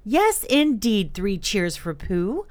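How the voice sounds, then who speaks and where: A woman's voice: mid-range voice, sing-song, takes it slowly. A woman hosting a children's music podcast, telling young listeners about the songs in a storytelling way. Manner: warm storytelling, speaks directly to young listeners. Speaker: host.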